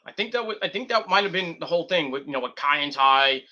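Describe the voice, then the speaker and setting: A man's voice: a little high, lively intonation, fast, bright, forceful tone, lo-fi sound. A man reviewing a wrestling show in a loose, rambling way, giggling and restarting his sentences. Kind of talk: rambling casual commentary.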